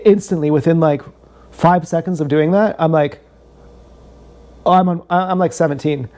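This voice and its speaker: A young man livestreams a rambling personal story, swearing freely and circling back on himself. His voice sits a little high with a warm, mellow tone. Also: steady tone, fairly quick. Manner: meandering, profane, joking, repeats himself.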